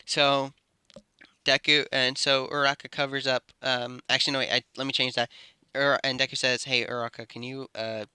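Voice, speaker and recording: Bright-voiced man improvising a story. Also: medium pitch, monotone, normal speed, smooth, no room sound, clean studio sound. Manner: rambling, self-correcting narration. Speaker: YouTube storyteller. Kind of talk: improvised fan-fiction storytelling.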